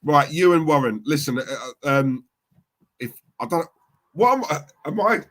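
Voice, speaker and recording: A middle-aged man hosting a football watchalong, reacting loudly to the game and reading out chat comments. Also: a little high, moderate pace. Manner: animated, reacts loudly to goals and reads chat.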